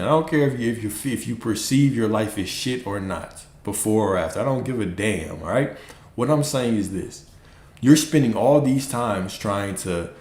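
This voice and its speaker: Lowish guy preaching about manifesting, cusses a lot, kinda roomy echo. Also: darkish tone. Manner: blunt, preachy, profane, mocks listeners in high put-on voices. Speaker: manifestation coach. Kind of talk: casual livestream talk.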